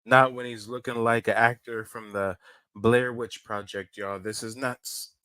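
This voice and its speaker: A man commenting on clips for his viewers, sarcastic and wry. His voice sits at a medium pitch and sounds close and dry. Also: fairly even intonation, unhurried, bright, forceful tone, no echo. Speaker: commentary host. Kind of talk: reaction commentary.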